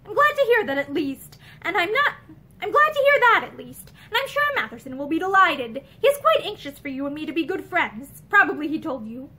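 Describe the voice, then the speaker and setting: A woman's voice: very high voice, very animated, fairly quick, exaggerated voice. A woman reading as a persistent, determined young man. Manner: quiet, determined questioning. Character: earnest young Englishman, persistent and probing.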